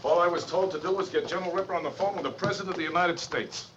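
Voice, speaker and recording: A gruff, rapid-fire army colonel. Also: male voice, high voice, fairly bright tone, slight background noise. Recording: muffled old film soundtrack.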